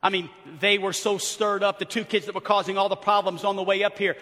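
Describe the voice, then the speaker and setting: A middle-aged man preaching a sermon as pastor, swinging from hushed murmurs to shouted emphasis and acting out the people in his stories. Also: high-pitched, brisk. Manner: animated storyteller acting out quoted speech. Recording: long reverb of a large church hall.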